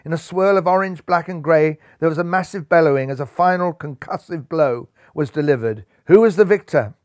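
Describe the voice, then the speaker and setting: A man's voice: on the high side, a little fast, a little mellow, dry recording, clean studio sound. Man reading a children's story dramatically. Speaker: narrator.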